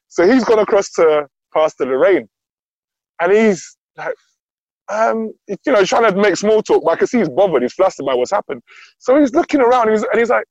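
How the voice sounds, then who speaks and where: Guest, male, animated storyteller, slightly high voice, dull dry recording. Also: fast, dry recording. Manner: lively, acts out quoted dialogue.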